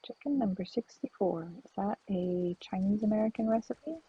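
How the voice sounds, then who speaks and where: A woman's voice: mid-range voice, moderate pace, breathy edge, no room sound. A woman streaming a farming game, chatting and thinking aloud to her viewers. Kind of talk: casual let's-play chat. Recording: dull lo-fi stream audio.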